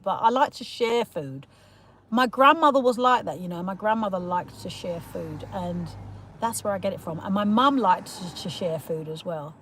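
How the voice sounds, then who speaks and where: A woman's voice: a little high, dry recording. A woman hosting a casual livestream, rambling through her opinions, laughing often and greeting viewers as she reads their comments. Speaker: livestream host reading chat comments.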